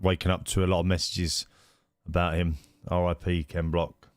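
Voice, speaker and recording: Low-voiced man streaming a racing game. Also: flat delivery, normal speed, no echo, studio quality. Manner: chatty, greets viewers by name, many fillers. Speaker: streamer hosting a racing league. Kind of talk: casual live-stream chat.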